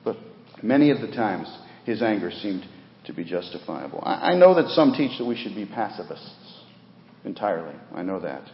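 A man preaching a sermon with earnest emphasis, rising for key points and dropping low, in a church sanctuary. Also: very animated, moderate pace, a little hiss or hum. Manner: earnest, rises for emphasis then drops low, repeats words. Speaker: pastor. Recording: dull roomy recording with long reverb.

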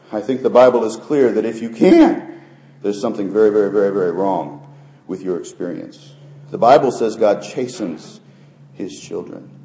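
A middle-aged male pastor preaching a sermon and sharing personal testimony, swinging from soft, low asides to loud, high peaks. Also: moderate pace. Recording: roomy church sound.

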